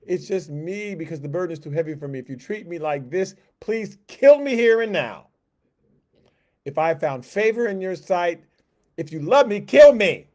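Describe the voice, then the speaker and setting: A man's voice: fairly high pitch, quick pace, few pauses, dark tone, close to an everyday voice. A man doing a desperate, pleading Moses. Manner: pleading, crying out, strained outbursts. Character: desperate overwhelmed male prophet Moses, begging to die.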